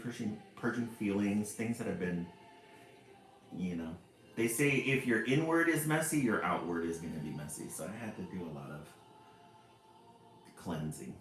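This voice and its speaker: A man with a fairly low voice speaking at normal speed hosts a casual livestream, cheerfully greeting viewers by name, his voice jumping up whenever he says hello. A roomy echo and faint music sit behind him.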